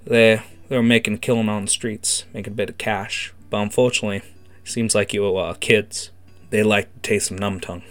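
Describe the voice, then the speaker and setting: A man doing a hushed, slangy gang informant. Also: on the low side, steady tone, a little fast, natural voice. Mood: grim. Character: shady male undercover gang member, secretive.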